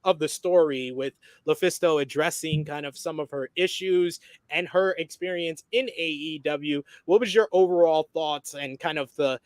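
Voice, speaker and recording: A man's voice: a little high, normal speed, no echo. A man hosting a podcast, reading out wrestling news and quotes with frequent filler sounds. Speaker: podcast host.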